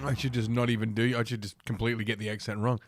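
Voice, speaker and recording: A man's voice: on the low side, flat delivery, very fast, no room sound, clean studio sound, faint music behind. Crude rambling male podcast host. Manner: crude, rambling, many fillers. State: drinking while talking. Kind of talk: casual solo podcast talk.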